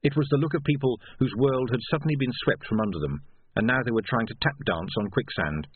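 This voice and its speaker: A man reading a novel aloud as narrator, wry and measured, on a thin, phone-like recording. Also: medium pitch, husky. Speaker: audiobook narrator. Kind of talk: scripted narration. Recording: dry phone-like lo-fi sound.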